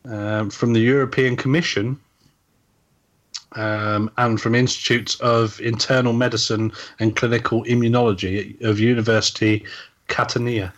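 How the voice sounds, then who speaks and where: A man's voice: mid-range voice, flat delivery. Rambling man co-hosting a casual podcast. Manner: rambling, halting, many fillers and restarts. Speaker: podcast co-host.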